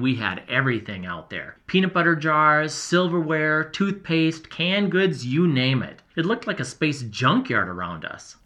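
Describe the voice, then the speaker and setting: A man voicing an earnest boy explorer who tells his journal everything, in a lively, emotional, confiding first-person delivery. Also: mid-range voice. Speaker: narrator. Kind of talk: first-person audio storytelling.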